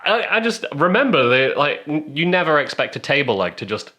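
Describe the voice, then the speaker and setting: A young man co-hosting a podcast, swearing freely as he rambles through animated anecdotes. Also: a little high, a little fast. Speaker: podcast co-host. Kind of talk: casual chat, storytelling.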